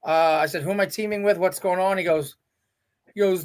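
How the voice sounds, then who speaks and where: A man's voice: high-pitched, a little fast, clean tone. A middle-aged man, a veteran wrestler, telling stories as a guest and voicing the people he quotes. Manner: animated storyteller, quotes people in their own voices. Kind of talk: casual storytelling interview.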